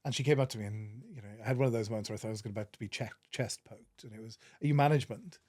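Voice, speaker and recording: A man with a Welsh accent, a podcast guest telling stories in an earnest, animated way with many restarts. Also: fairly low pitch, very fast, no room sound. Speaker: podcast guest, managing director. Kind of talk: casual interview storytelling.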